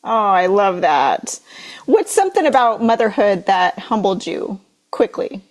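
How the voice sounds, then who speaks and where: A woman's voice: mid-range voice, sing-song, unhurried, low-quality recording. A woman hosting a podcast, asking questions and offering brief affirmations. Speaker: podcast host. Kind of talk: casual interview.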